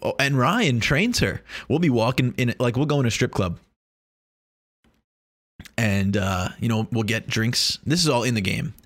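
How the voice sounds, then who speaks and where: A man's voice: mid-range voice, measured pace, a bit bright, no echo. A young man talking in a casual, rambling monologue, joking and swearing freely.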